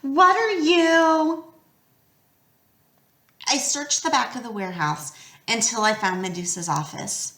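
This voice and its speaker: A woman narrating a storybook aloud with a lively, expressive delivery. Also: mid-range voice, normal speed. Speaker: audiobook reader. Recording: roomy echo.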